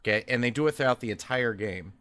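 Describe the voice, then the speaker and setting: A man's voice: mid-range voice, quick pace, fairly bright tone, clean tone. A man co-hosting a casual gaming podcast, talking with strong opinions and lots of fillers. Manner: opinionated, rambling with many fillers. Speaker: podcast co-host. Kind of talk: casual chat.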